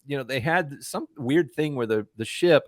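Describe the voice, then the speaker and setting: A man co-hosting a casual anime review chat, explaining things in a measured way. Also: mid-range voice, expressive, no echo, studio quality. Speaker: movie review co-host.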